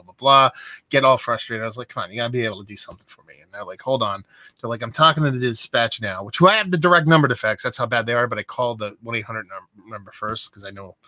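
A young adult man talks straight to camera in a casual vlog, rambling and exasperated as he tells his story. His voice is bright and forceful, and the sound is dry and close, with no room echo. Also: mid-range voice. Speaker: beer vlogger.

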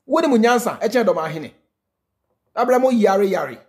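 A Ghanaian man with a fairly high voice gives heated reaction commentary. He hammers his points home by repeating lines, drifting now and then into a sing-song chant. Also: lively intonation, normal speed. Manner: emphatic, mixing in snatches of singing and laughter, repeating lines for effect. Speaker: reaction video host.

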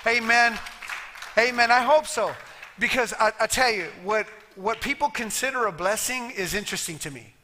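A man's voice: extremely high pitch, moderate pace, sharp tone, slight background noise. A man preaching a sermon as pastor, plain-spoken and emphatic, acting out little voices for humor. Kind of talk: sermon with altar call. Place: church sanctuary.

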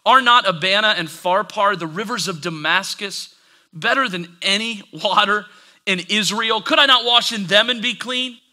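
A man's voice: sits high, normal speed, sharp tone. A man voicing a proud army commander who rants in exasperation. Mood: indignant. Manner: exasperated, ranting.

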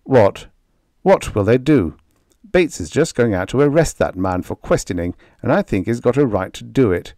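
A man's voice: medium pitch, lively intonation, normal speed, warm tone, no echo, close to an everyday voice. A man voicing a defensive, stubborn rancher husband in an audiobook reading.

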